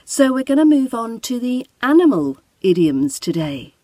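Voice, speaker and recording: A woman with a British RP accent teaching English pronunciation, modeling phrases clearly for the listener to repeat. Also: on the high side, sing-song, moderate pace, dark tone, dry recording. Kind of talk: pronunciation lesson.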